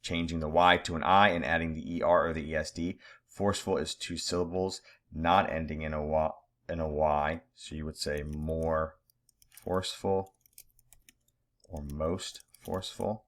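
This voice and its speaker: A man's voice: rumbling low, steady tone, moderate pace, fairly bright tone. A man teaching a recorded grammar lesson over slides, talking straight to his students in a casual way and joking about his own typos.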